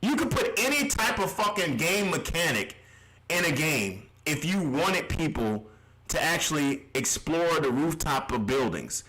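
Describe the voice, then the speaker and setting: A man's voice: high-pitched, pushed and bright, low-quality recording. A man streaming live reactions, ranting in an exasperated, heavily profane way.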